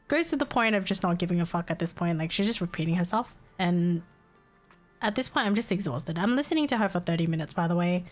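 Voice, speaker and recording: A woman's voice: lowish voice, animated, fast, soft background music. A woman streamer telling a story to her chat in a casual way, exasperated, swearing freely and laughing often.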